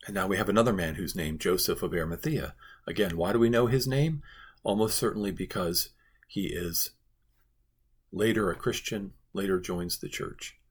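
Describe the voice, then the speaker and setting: Male pastor, low husky voice, earnest devotional teaching, emphatic repetition. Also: moderate pace. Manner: earnest, emphatic, repeats phrases for stress.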